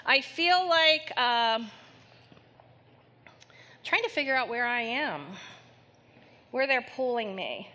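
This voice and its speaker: A woman psychic medium giving a live reading to an audience member in a theater, speaking gently and haltingly with many pauses. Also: fairly high pitch, lively intonation. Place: theater stage before an audience.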